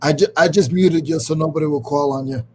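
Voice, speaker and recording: A man's voice: on the high side, steady tone, fast talker, a little hiss or hum. A man in his forties hosting a casual chat over a video call, joking and teasing. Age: 40s. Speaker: podcast host.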